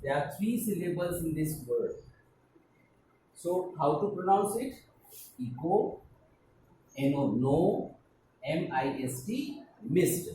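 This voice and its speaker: A male school teacher with an Indian English accent, slowly spelling out words letter by letter and repeating their syllables for his pupils. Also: on the high side, expressive, warm tone. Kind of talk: slow classroom explanation, spelling out words. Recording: echoey room, mic at a distance, faint hiss.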